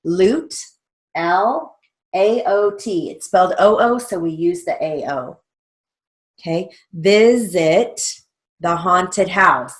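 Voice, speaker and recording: A woman teaching a stenography theory lesson, dictating practice sentences and spelling out letters with slow care. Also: on the low side, expressive, a little mellow.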